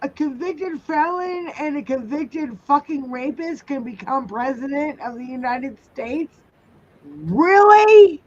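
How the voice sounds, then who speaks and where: A woman's voice: high-pitched, measured pace, hardly any pauses, a little mellow, lo-fi sound. A woman hosting a casual livestream, ranting angrily with heavy swearing while reading viewer comments. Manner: angry, heavy swearing rant.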